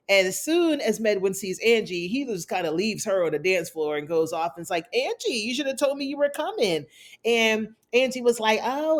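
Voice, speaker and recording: A woman hosting a casual TV episode recap, chatty and sassy, calling her viewers "y'all". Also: medium pitch. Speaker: TV recap host.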